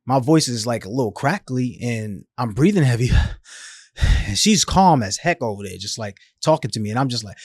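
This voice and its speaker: A man in his thirties, a podcast guest, telling his life story in an animated, emphatic, casual way with slang. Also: medium pitch, brisk, husky, no room sound, clean studio sound.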